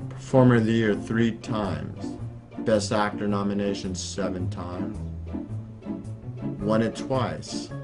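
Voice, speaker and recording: An actor playing a stern, deadpan pizza shop manager interviewing a job applicant. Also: male voice, on the low side, takes it slowly, music in the background. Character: solemn male pizza boss interviewer.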